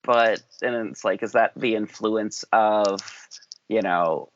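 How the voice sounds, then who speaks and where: A man's voice: lowish voice, takes it slowly, no echo. A man hosting a podcast in casual chat, thinking aloud in long rambling runs. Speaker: podcast host. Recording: dull lo-fi dry sound.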